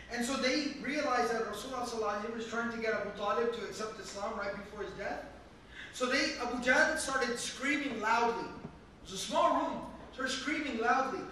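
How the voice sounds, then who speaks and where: High, bright-voiced man teaching in echoey hall. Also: fairly quick, a little hiss or hum. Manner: earnest, emphatic explaining with Arabic recitation. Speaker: Islamic teacher. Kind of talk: Quran commentary lesson. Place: large echoey mosque hall. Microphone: camera recording from a distance. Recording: echoey hall, distant camera, faint ambience.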